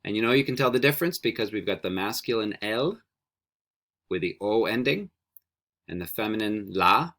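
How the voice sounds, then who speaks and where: Patient, encouraging low-voiced male teacher. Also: lively intonation, a bit bright. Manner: patient, encouraging, repeats words slowly for students; switches between English and Spanish. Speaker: Spanish teacher. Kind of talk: recorded classroom video lesson.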